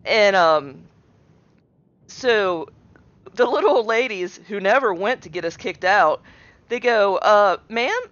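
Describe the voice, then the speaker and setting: A woman, a streamer's wife, telling an anecdote in a lively, casual way. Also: mid-range voice, slow, long pauses, no echo. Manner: animated storyteller, lively quoting. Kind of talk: casual storytelling. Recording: dry, dull lo-fi mic.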